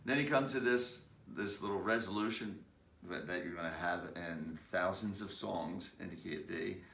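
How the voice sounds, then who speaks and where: A man giving a casual guitar lesson, talking haltingly with many fillers, stopping to demonstrate strums. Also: low-pitched, creaky. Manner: slow, halting, frequent fillers, sings snatches of lyrics. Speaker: guitar teacher. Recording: roomy sound, distant mic, loud guitar.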